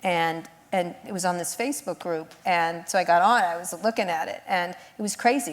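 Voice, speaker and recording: A woman's voice: lowish voice, brisk. A woman journalist talking as a guest on stage, telling blunt, sardonic stories and mimicking other people. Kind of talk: live on-stage conversation. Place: stage in an event hall.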